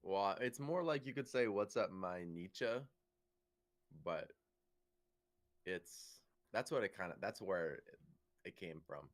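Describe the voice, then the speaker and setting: A man's voice: deep voice, big pitch swings, a little slow, pauses often. A young man co-hosting a casual comedy podcast, laid-back and joking crudely. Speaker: podcast co-host.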